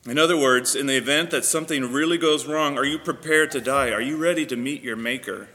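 A man's voice: mid-range voice, a little fast, bright, forceful tone. A man pastor giving a sermon, praying and then preaching earnestly with frequent fillers. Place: church sanctuary. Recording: long reverb of a church hall.

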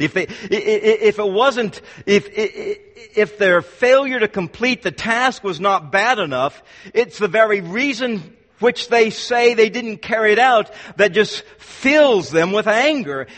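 A man's voice: high voice, a bit bright. A man preaching a sermon to his congregation, emphatic and repeating words for force. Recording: long hall reverb.

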